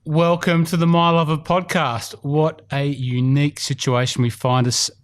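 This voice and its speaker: A man's voice: fairly high pitch, level tone, normal speed. A man hosting a casual podcast in an indoor golf studio, chatty and rambling with fillers. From Australia. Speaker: podcast host.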